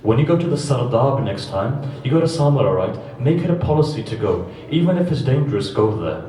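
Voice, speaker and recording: A man's voice: mid-range voice, sing-song, brisk, mellow, a little hiss or hum. A man giving a sermon at a mourning gathering. He tells stories with rhetorical questions and repeated phrases. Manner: impassioned storytelling with rhetorical questions and repetition. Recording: echoey distant hall recording.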